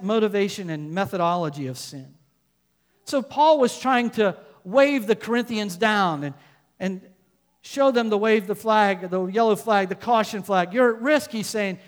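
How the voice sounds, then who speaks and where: A man preaching a sermon as a pastor, building to loud emphatic points and then dropping to quiet asides. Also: high-pitched, long reverb tail.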